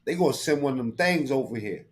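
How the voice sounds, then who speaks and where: A man's voice: medium pitch, animated, fast. A man commentating live on a stream, crude and mocking, rambling in heavy slang with frequent profanity.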